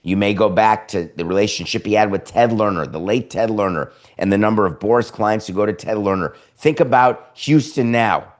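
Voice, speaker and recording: A man hosting a sports talk podcast, delivering sarcastic, opinionated commentary in an animated way. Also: on the low side, brisk, hardly any pauses. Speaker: podcast host.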